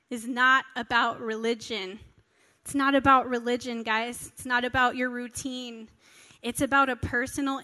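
A woman's voice: a little high, pushed and bright. A woman in her thirties giving an earnest, conversational sermon at a family church service. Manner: earnest, conversational, acts out quoted prayers. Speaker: pastor. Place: church hall. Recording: reverberant hall.

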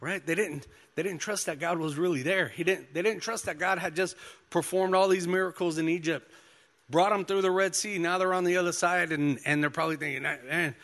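A man's voice: high voice, a little fast, a bit bright. A man preaching a sermon, mixing scripture reading with personal testimony, in an easygoing style full of "you know" and "man.". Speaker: pastor. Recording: long hall reverb.

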